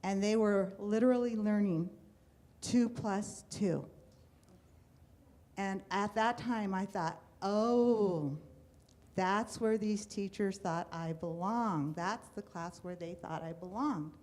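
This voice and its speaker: A middle-aged American woman tells her life story to a live audience at a storytelling event, speaking slowly at a medium pitch. She's animated and acts out the voices of the people she quotes.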